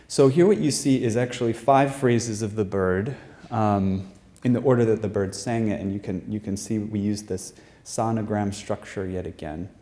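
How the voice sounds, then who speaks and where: An American man lectures from a stage, working through his points with many fillers and repeated words. His voice sits low and sounds mellow and relaxed. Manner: halting, many fillers and restarts, explanatory. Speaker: researcher presenting his study. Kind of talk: live lecture presentation. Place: performing arts center stage.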